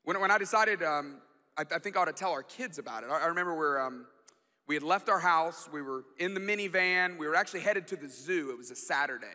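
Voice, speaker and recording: High bright-voiced man preaching. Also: fast. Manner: animated, self-deprecating storytelling with restarts. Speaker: guest pastor. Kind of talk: storytelling sermon. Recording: long hall reverb.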